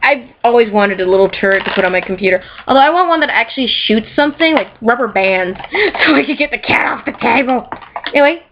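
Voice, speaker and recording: A woman vlogger chatting casually and excitedly about things she bought, rambling and giggling, recorded in a bedroom. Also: a little high, fast talker, a little hiss or hum. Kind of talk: casual chat showing off purchases. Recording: slightly dull lo-fi sound.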